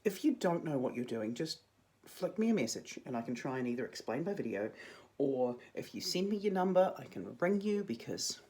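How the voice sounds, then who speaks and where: Chatty New drama teacher, a young woman with a mellow tone, talking students through their work. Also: rumbling low, sing-song, moderate pace. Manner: chatty, jokey asides. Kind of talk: casual video lesson to students.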